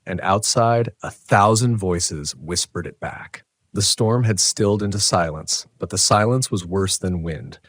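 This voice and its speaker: A man telling a first-person horror story in a tense, dramatic, measured way. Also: sits low, a bit bright, no echo, studio quality. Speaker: narrator.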